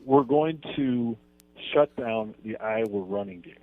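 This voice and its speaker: A man arguing football picks on a radio show, deadpan and mock-serious, tripping over his restarts. His voice sits at an ordinary middle pitch. The audio is a bit muffled and dull. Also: measured pace, creaky. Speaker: radio sports guest. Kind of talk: sports radio debate.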